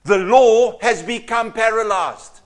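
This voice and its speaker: A man preaching a sermon as pastor, reading scripture dramatically and swinging between loud outbursts and hushed asides. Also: high-pitched, slow pace.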